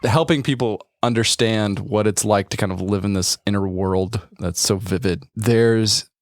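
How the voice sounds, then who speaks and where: A man's voice: fairly low pitch, normal speed, no echo, studio quality. A man hosting a podcast in casual chat, teasing his co-host and musing reflectively.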